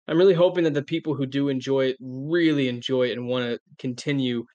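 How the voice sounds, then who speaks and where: A man guesting on a podcast as an author, talking excitedly in quick bursts of enthusiasm. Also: mid-range voice, no room sound, lo-fi sound. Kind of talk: casual interview chat.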